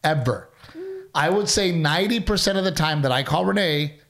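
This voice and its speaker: A man in his thirties co-hosting a casual chat, telling animated stories and dropping dude and bro. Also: a little high, moderate pace. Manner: animated storyteller, mocking impressions, says dude and bro. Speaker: podcast co-host.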